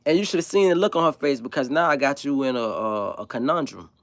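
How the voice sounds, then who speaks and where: A man who grew up in South Florida, hosting a livestream and talking in a blunt, profane, animated way. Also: medium pitch, fast, no echo. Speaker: livestream host. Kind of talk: casual opinionated monologue.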